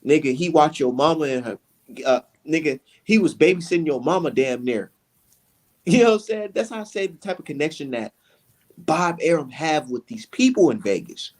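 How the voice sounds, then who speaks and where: A man's voice: fairly high pitch, a little mellow. A man co-hosting a casual boxing chat, talking in a heated, profane, rambling way. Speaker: podcast co-host.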